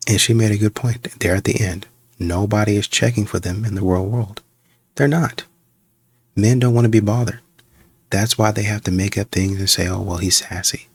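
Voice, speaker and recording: A man hosting a reaction channel, commenting casually on a clip and acting out little scenes in animated asides. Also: lowish voice, normal speed, breathy edge, no room sound. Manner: animated storytelling with voiced asides.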